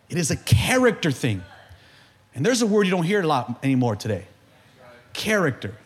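Male pastor, preaching a sermon, lively swooping delivery, gets shouty. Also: sits high. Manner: animated, builds to shouting.

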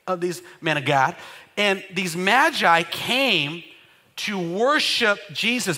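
A man's voice: high-pitched, pushed and bright. A man pastor preaching a sermon with emphatic call-and-response to his church.

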